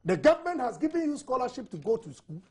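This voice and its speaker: A man's voice: very high voice, sing-song, fast, darkish tone, breathy edge. A man with a Ghanaian accent, a studio panelist giving impassioned, argumentative commentary on a TV newspaper review, full of rhetorical questions.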